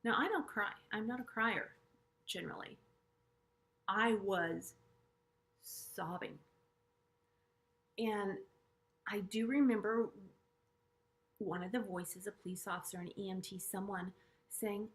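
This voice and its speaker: Earnest middle-aged woman telling her story. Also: medium pitch. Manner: earnest, halting, with frequent restarts and hushed asides. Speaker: vlogger sharing a personal story. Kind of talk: personal storytelling to camera.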